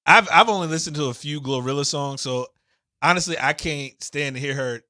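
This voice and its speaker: A man co-hosting a podcast in casual chat, giving quick agreement and laughing easily. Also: on the high side, sharp tone, no room sound, studio quality. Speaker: podcast co-host.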